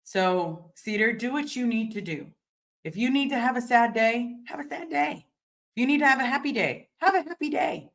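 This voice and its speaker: A woman's voice: on the high side, lively intonation, normal speed. Chatty candid woman streaming from home. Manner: candid and chatty, swearing, many fillers and restarts. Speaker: livestream host answering viewer comments. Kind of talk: casual livestream chat.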